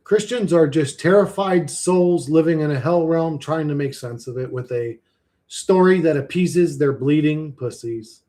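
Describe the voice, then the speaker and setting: A man's voice: fairly high pitch, a little slow, mellow. A man ranting on a livestream in a casual, rambling, sardonic way, swearing freely.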